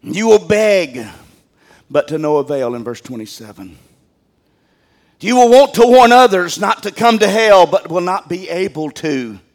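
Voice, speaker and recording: High-pitched older man preaching fervently. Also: sing-song, measured pace. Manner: impassioned preaching, swinging between loud high outbursts and low quiet passages; folksy, plain-spoken. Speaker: pastor. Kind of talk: sermon.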